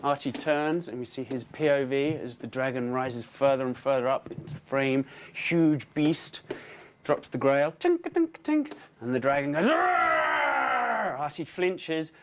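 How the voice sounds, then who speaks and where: A man narrating a storyboard pitch in brisk play-by-play, punctuated with spoken sound effects. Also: slight background noise. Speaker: story artist pitching a scene.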